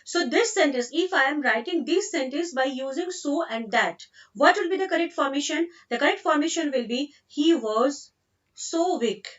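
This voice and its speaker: Indian English teacher, woman, patient and repetitive, high voice, slightly far and muffled mic. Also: animated, fairly quick, hardly any pauses, fairly bright tone. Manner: explains patiently, repeats sentences, mixes in Hindi. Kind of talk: online grammar lesson.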